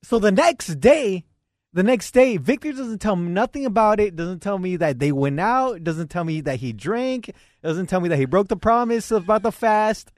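A man's voice: high voice, animated, moderate pace, dry recording, clean studio sound. A man co-hosting a casual podcast, telling a story with lots of laughter and mock lecturing. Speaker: podcast co-host.

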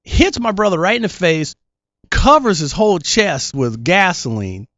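A man's voice: high-pitched, sing-song, a little slow, a bit bright, dry recording. Rambling male guest, dry lo-fi sound. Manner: rambling anecdotal storyteller. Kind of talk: casual chat.

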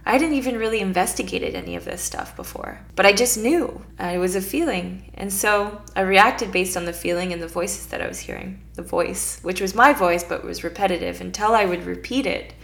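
A woman's voice: medium pitch, a little fast, gravelly, few pauses, a bit bright. A woman guest on a podcast, telling her story earnestly and reflectively, acting out her own inner dialogue as she goes. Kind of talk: casual storytelling.

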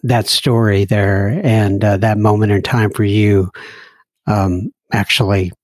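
A man's voice: on the low side, level tone, slow, dry recording. A man hosting a podcast interview, speaking hesitantly with many fillers. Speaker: podcast host.

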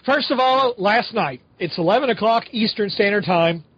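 Middle-aged guy ranting on his home podcast, high voice, kinda lo-fi. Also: normal speed, slightly rough, no room sound. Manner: animated, exasperated ranting. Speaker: podcast co-host. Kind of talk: casual podcast chat. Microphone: home podcast microphone. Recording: slightly dull lo-fi audio.

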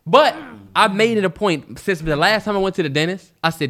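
A man co-hosting a podcast, chatting casually, telling animated stories and swearing freely. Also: high-pitched, fairly quick. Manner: animated storytelling, swears freely, mimics others. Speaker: podcast co-host. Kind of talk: casual chat.

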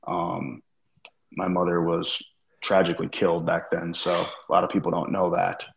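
A man's voice: low-pitched, monotone, moderate pace, creaky. A man as a podcast guest, telling a long story in a casual, profane and rambling way with many fillers. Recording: roomy, slightly dull sound.

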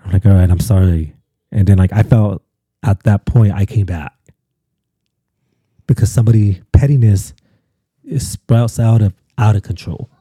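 A man with a very dark, husky voice tells a personal story as a podcast guest. He talks casually and animatedly, slipping into other people's voices. The recording is very dry and close. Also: on the low side, normal speed, long pauses, dry recording. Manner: animated, acts out quotes, many fillers.

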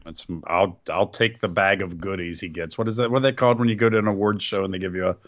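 A man's voice: sits low, quick pace, muffled recording. A man co-hosting a wrestling podcast, giving strong opinions and repeating points for stress. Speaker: podcast co-host. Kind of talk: casual wrestling chat.

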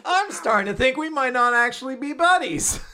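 A high, lively voice teases and giggles through a casual chat. The speech jumps around in tone, playful all the way. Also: moderate pace, no room sound. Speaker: podcast co-host.

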